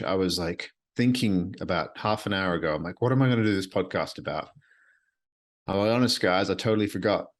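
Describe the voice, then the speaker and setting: Deep-voiced man musing on his podcast. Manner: rambling, earnest, repeats himself. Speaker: podcast host. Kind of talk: solo reflective podcast monologue. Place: his apartment at night.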